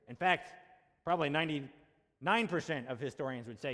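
A man's voice: fairly high pitch, normal speed, a bit bright. A male pastor preaching a sermon in a conversational way, asking rhetorical questions and checking in with the congregation. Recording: long hall reverb.

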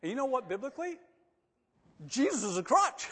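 A man preaching a sermon in a church, animated, swinging from loud emphatic lines to soft, coaxing asides. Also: very high voice, brisk, pauses often. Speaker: pastor. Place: church sanctuary. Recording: long reverb of a church hall.

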